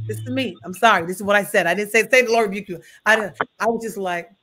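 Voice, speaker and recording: A woman's voice: medium pitch, racing, hardly any pauses, pushed and bright, a little hiss or hum. Emphatic woman pastor preaching. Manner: preachy, emphatic, folksy, calls listeners honey. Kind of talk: preaching Bible study chat.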